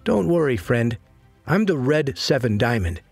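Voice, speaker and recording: A man voicing a polite but shrewd young male warrior who speaks in a measured way. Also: mid-range voice, sing-song, vocal fry, a little mellow, slightly rough, dry recording, faint music behind, full character voice. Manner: polite, turning cold and guarded.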